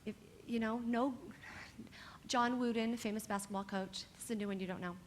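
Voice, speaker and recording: A California dance teacher speaks directly to young dancers in an animated, encouraging motivational talk. Her voice runs on the high side, with slight background noise.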